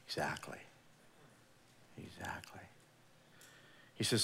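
Male pastor, lowish voice, casual storyteller, sermon in a reverberant church hall. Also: expressive, moderate pace. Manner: casual storytelling, retells scripture in everyday words. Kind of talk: conversational sermon.

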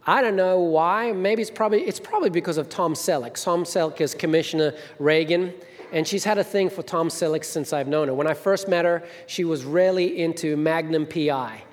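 Middle-aged pastor preaching in a hall. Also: male voice, fairly high pitch, a little fast, slight background noise. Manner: storytelling, acts out quoted voices. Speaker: senior minister. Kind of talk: sermon with anecdotes. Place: church hall. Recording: long hall reverb.

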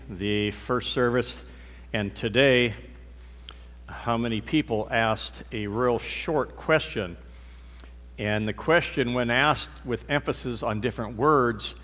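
A man's voice: medium pitch, fairly bright tone, in a large hall. A male pastor giving a conversational sermon, shifting his emphasis on words as he teaches.

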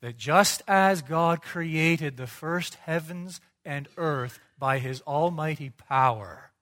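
A male pastor delivering a sermon in a somewhat high voice. He argues point by point with rhetorical questions, swinging from hushed lows to loud, forceful emphasis. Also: slow.

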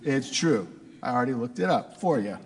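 A man's voice: mid-range voice, expressive, moderate pace, long reverb tail, slight background noise. A man preaching a sermon in a conversational way, asking his listeners rhetorical questions. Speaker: pastor.

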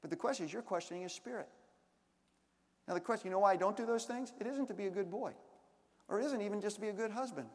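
A male pastor with a strikingly high voice delivers a sermon, swinging from punchy, emphatic lines to hushed, confiding asides. His words ring out with the long reverb of a large hall, as if carried through a church sanctuary. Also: quick pace, pauses often. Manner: dynamic, swings between loud emphatic bursts and quiet asides.

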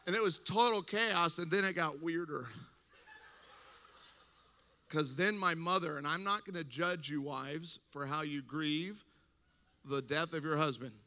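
A man's voice: a little high, unhurried, pauses often, long reverb tail. A man preaching to a congregation, telling a funny story and acting out the people in it. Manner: animated, acts out the people in his story. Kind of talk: humorous storytelling sermon.

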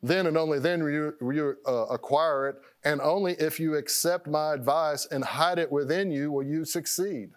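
A man's voice: on the high side, moderate pace, few pauses. Rambling, self-interrupting male preacher. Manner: rambling, repeats words, laughs at himself. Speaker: pastor. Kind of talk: sermon.

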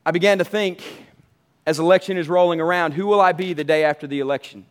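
A man's voice: on the high side, fairly even intonation, fast. A man preaching a sermon as pastor, emphatic and repetitive, calling out to his congregation.

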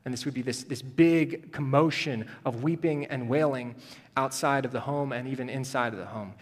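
A male pastor preaching a sermon, moving between hushed, tender passages and rising, urgent emphasis. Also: medium pitch, normal speed, big-room sound.

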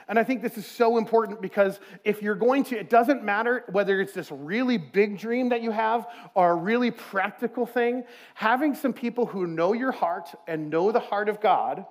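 A male pastor delivers a sermon in a conversational, earnest way. His voice sits notably high for a man, and he slips into quoted asides as he talks.

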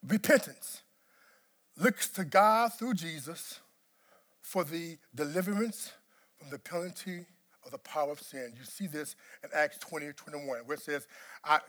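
A man preaching a sermon as pastor, swinging from quiet, low talk to shouted emphasis and repeating words to drive points home. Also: unhurried.

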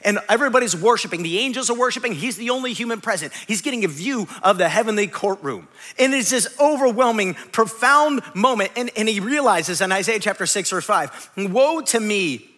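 A male pastor preaching a sermon dramatically, swinging between loud bursts and hushed, quiet passages. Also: high-pitched, animated, a little fast, long reverb tail.

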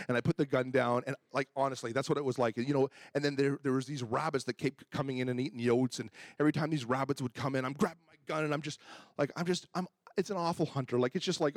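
A male pastor tells a long story from the pulpit, acting out every line he quotes. His voice sits at an ordinary pitch and the sound is dry, with no room echo. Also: a little fast. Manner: animated, acts out his own quoted lines. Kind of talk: storytelling sermon.

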